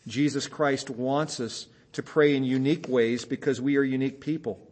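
A man's voice: mid-range voice, moderate pace. A man preaching a sermon as a pastor, speaking emphatically and asking his listeners rhetorical questions. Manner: mimics dull repeated phrases in a flat, weary tone.

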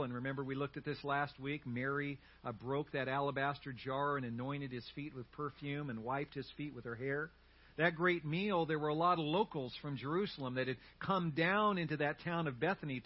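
A man preaching a sermon as pastor, telling a story in an animated way with humorous asides. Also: on the high side, highs cut off.

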